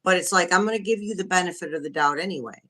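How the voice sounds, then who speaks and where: A woman's voice: fairly low pitch, rapid-fire, pushed and bright. A woman joining a casual livestream chat by video call, speaking frankly and openly with frequent restarts. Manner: candid, frank, restarts often. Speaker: guest.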